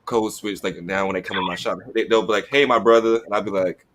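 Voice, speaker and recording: Deep-voiced man, chatty and animated. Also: fast, noisy background. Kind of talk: casual podcast chat.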